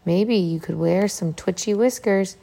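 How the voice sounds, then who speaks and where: A woman voicing a calm dinosaur friend. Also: mid-range voice, measured pace, vocal fry. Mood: suggesting.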